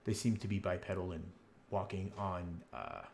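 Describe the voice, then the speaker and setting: A man's voice: low voice, steady tone, moderate pace, creaky, a little mellow, a little hiss or hum. A man narrating a tabletop game as game master, rambling with many fillers.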